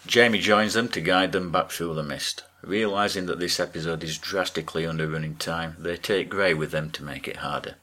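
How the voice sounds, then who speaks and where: A man co-hosting a podcast, recapping a TV episode with wry, deadpan asides. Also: low voice, a little fast, few pauses. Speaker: podcast co-host.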